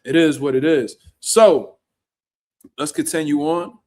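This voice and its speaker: Profane, ranting man, slightly high voice. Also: measured pace. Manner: blunt, profane, slangy, animated ranting. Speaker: boxing commentary show host. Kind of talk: casual reaction commentary.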